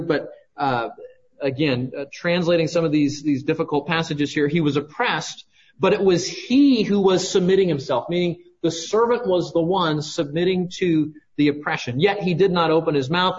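A male preacher with a high voice teaches through a scripture passage verse by verse, pausing often to ask "right?". The recording is dull and lo-fi. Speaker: pastor. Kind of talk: sermon.

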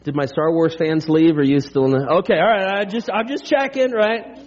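Preaching to his church, this high-voiced pastor keeps things lively and conversational, peppering his message with humor, pop-culture references, and quick "right?" asides. The audio has a muffled, low-fidelity quality.

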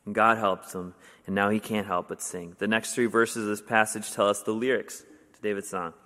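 A young adult man preaching a sermon in a casual, conversational way, with many fillers, getting animated when he tells stories. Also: on the low side, moderate pace. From Wisconsin, US. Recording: long hall reverb.

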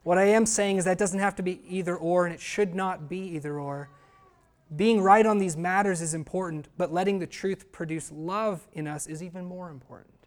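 Earnest preacher in a sermon. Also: male voice, high-pitched, fairly even intonation, moderate pace. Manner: earnest, emphatic, asks the congregation rhetorical questions. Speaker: pastor.

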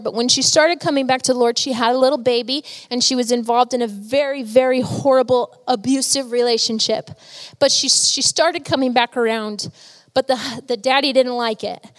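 A woman's voice: fairly high pitch, long reverb tail. A woman preaching a sermon, telling stories earnestly and with emotion.

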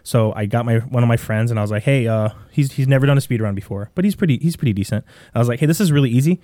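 A man with a Midwestern American accent, a podcast guest telling a long story in a rambling, animated way with many restarts. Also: medium pitch, racing, dry recording. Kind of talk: casual storytelling.

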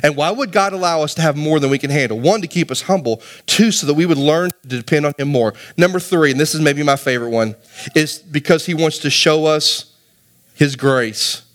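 A male pastor delivering a sermon in a fairly high voice. He preaches with animated energy, climbing to emphatic peaks and putting rhetorical questions to his listeners. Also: a little fast. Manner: addresses the congregation directly with rhetorical questions.

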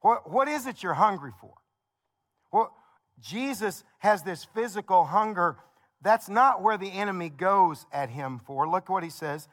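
A man's voice: high-pitched, animated, unhurried, fairly bright tone. A male pastor preaching a sermon in a conversational, story-telling way, building points with repeated phrases.

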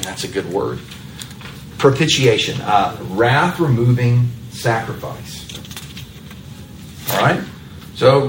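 Male preacher, echoey room, faint background hum, deliberate teaching sermon. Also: mid-range voice, distant mic. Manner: keeps checking in with "right?"; stretches key words slowly for emphasis. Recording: roomy echo, speaker away from mic.

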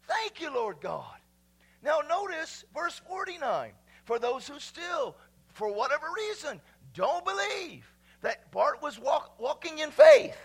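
A man preaching a fiery sermon in a high, bright voice with a gravelly edge. He leaps between shouted lines and near-whispers, leading the congregation to repeat and shout along. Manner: dramatic swings from shouts to hushed whispers.

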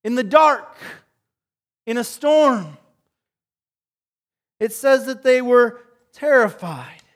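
A man preaching a sermon, telling a story with animation and swinging between loud and soft passages. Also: very high-pitched, expressive, slow pace. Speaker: pastor.

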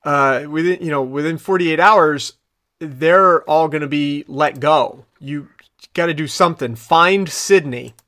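A man's voice: fairly high pitch, measured pace, bright, forceful tone, no echo. A man co-hosting a podcast, recapping an episode in loose, rambling casual chat full of fillers and restarts. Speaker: podcast co-host.

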